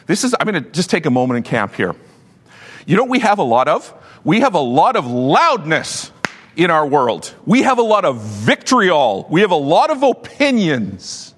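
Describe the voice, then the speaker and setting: Animated pastor preaching in a reverberant hall. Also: male voice, a little high, normal speed, slightly rough. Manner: animated, joking storyteller. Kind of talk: sermon.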